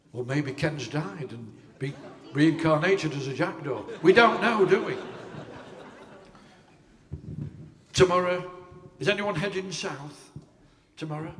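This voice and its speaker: Man as a fussy, self-deprecating comic songwriter, unhurried, live in an echoey cave over loud backing. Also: on the high side, background noise. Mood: chatty. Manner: chatty, self-deprecating, fumbles lyrics. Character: fussy middle-aged northern male singer-songwriter, earnest. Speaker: comedy musician performing live. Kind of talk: live comic songs and audience banter. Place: large cave venue with live audience. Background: keyboard backing music.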